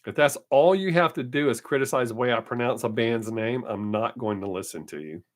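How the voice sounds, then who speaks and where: A man's voice: medium pitch, brisk. A man hosting his weekly live stream, chatting casually and answering viewer comments, brushing off critics. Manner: dismissive of critics.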